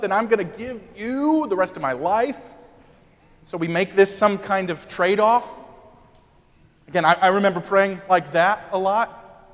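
A young man preaching a lively sermon, his voice sitting high for a man. He breaks into quick asides and acts out the lines he quotes. A long reverb trails every phrase through the large hall. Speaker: pastor.

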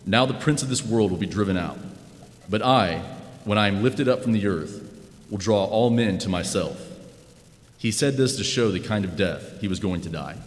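A man reading scripture aloud in a measured, even manner. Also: on the low side. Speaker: scripture reader. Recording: long hall reverb.

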